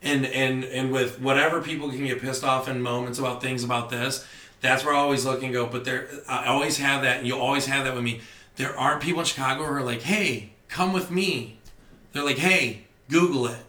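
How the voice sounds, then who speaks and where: A young male comedian chatting on a podcast, telling stories with animated energy and constant swearing. His voice is bright and forceful, at a middling pitch. The sound carries the echo of a roomy space. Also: brisk. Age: young adult. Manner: animated storytelling, heavy swearing. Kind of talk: casual podcast chat.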